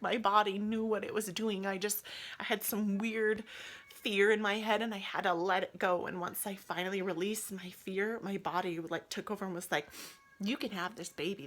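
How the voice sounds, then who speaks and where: A young adult woman telling her own birth story with feeling, acting out what was said and dropping to soft whispers. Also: mid-range voice. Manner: animated, acts out quotes, swings to soft whispers. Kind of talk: emotional personal storytelling.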